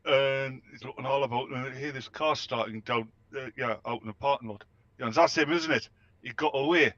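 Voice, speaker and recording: Bright-voiced man joking around. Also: mid-range voice, fairly even intonation, brisk, no echo. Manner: teasing, jokey storyteller. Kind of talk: casual banter while gaming. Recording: dull lo-fi mic.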